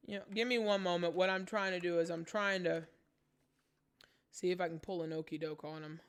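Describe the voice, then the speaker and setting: A woman's voice: lowish voice, steady tone, moderate pace, long pauses, clean tone. Exasperated woman talking to viewers. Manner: exasperated, talks to viewers as y'all. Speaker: channel host. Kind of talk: casual live vlog commentary.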